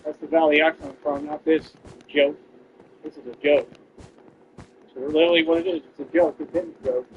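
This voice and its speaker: At normal speed and with a steady tone, a man from Texas with a voice on the high side rants at viewers during a game stream, pausing often. He's boastful and confrontational. The dull lo-fi stream audio has a little hiss or hum.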